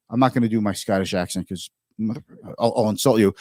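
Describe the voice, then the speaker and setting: Host, male, 50s, chatty livestream commentator, mid pitch, dry close mic. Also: animated, darkish tone, dry recording. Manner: chatty, reads viewer comments aloud, halting restarts.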